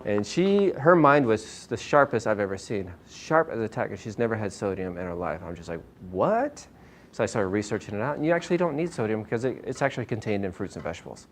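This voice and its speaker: A lowish-voiced chiropractor races through a casual nutrition talk with hardly any pauses, and there's slight background noise. Addressing a small audience in a meeting room, he's energetic, calls himself hyper and fires off questions to the listeners.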